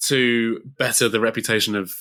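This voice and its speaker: A man's voice: mid-range voice, steady tone, normal speed, pushed and bright. A man co-hosting a podcast, reading out listener questions and responding in a friendly, casual way. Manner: friendly, reads questions aloud, brief affirmations.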